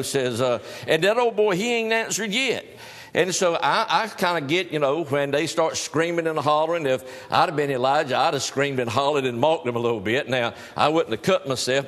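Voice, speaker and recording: A man's voice: medium pitch, big-room sound. A male pastor preaching a sermon in a folksy storytelling manner, with teasing humor.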